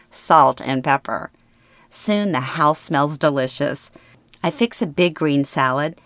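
Woman reading a memoir, low and dry. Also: no room sound. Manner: plain, steady storytelling. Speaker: memoir narrator. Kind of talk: first-person memoir reading.

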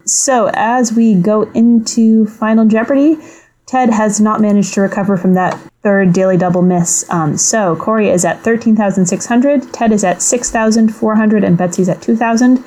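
Measured woman co-hosting a podcast. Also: medium pitch, steady tone, warm tone. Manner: measured, careful recaps with light laughs. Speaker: podcast co-host. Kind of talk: casual podcast chat, reading quiz clues aloud.

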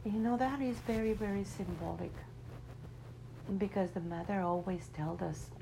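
A woman telling a spiritual story in a reflective, unhurried way, in English that is not her first language. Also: mid-range voice, gravelly, background noise. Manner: unhurried, reflective, non-native English grammar.

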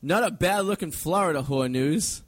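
Radio host, crude loose banter, dry close mic, lively pitch. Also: male voice, normal speed, dry recording. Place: radio studio.

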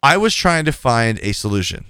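A man's voice: medium pitch, normal speed, smooth, no echo, clean studio sound. A man on a podcast, frankly telling a story about a clash at work and acting out what each person said. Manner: animated, frank, quotes people in dialogue. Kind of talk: casual storytelling. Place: podcast studio.

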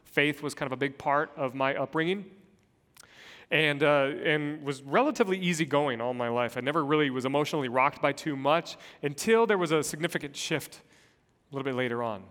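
A man's voice: fairly high pitch, fairly quick. Earnest man preaching in an echoing hall. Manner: earnest, personal storytelling with shifts between soft and loud. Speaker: pastor. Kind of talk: sermon. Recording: long hall reverb.

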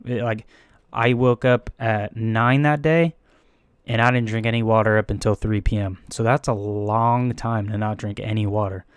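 A man's voice: on the low side, fairly even intonation, moderate pace, clean tone, no room sound. A young man from the Bay Area telling a story in a casual, rambling way, swearing often, laughing at himself and acting out his own panicked thoughts. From San Francisco Bay Area.

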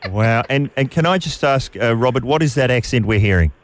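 A man's voice: mid-range voice, expressive, fairly quick. A man hosting a talkback radio show, joking with callers and laughing often. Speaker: radio host. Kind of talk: casual talkback banter.

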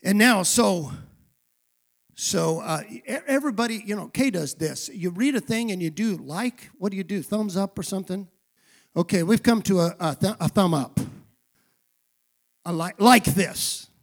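A male pastor preaching a sermon, calling for responses from the congregation and rising to shouted emphasis. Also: sits high, lively intonation, a little slow. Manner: drops to a quiet aside voice for asides.

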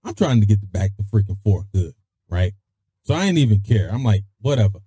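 A man hosting his own podcast, telling stories in a casual, animated way and peppering his speech with mild cuss-word substitutes. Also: fairly quick, slightly rough, no echo, clean studio sound. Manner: animated, swings his voice high for emphasis; peppers speech with "freaking" and "daggone". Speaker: podcast host. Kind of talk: casual storytelling.

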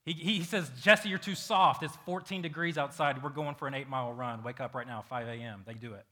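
Bright-voiced man preaching a sermon. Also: mid-range voice, fast talker. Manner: animated storytelling, acting out quoted voices. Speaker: pastor. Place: church hall with a congregation.

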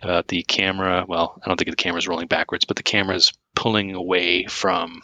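A man's voice: sits low, little pitch movement, brisk, bright, forceful tone, no echo. A man co-hosting a podcast in casual chat, rambling with many fillers and restarts. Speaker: podcast co-host.

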